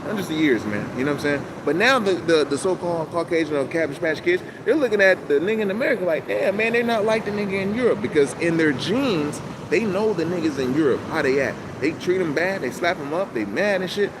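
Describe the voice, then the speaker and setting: High-voiced man ranting over traffic noise. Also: fairly quick, hardly any pauses. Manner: profane, loose street slang, animated. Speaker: channel host. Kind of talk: casual rambling monologue. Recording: loud outdoor traffic noise.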